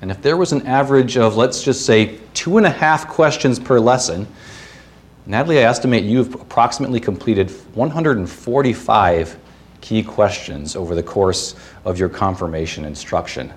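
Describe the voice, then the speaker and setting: A man's voice: fairly low pitch, normal speed. A man preaching a sermon as the pastor of a church, earnest and reading scripture, with playful asides and puns.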